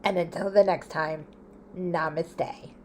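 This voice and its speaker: A woman vlogger talking casually to camera, chatty and playful, laughing often and drifting into soft asides. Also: lowish voice, steady tone, slow pace.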